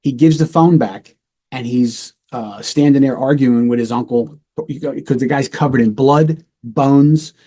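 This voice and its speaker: A middle-aged man with a dark, mellow voice tells a true-crime case in a relaxed, matter-of-fact way. He speaks as a former police lieutenant hosting a talk show and briefly acts out the voices of the people in the story. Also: medium pitch, measured pace. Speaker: retired police lieutenant, podcast host.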